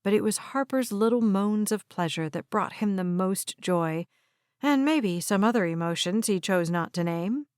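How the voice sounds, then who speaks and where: A woman reading audiobook narration in an even, measured way. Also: mid-range voice, dry recording, clean studio sound.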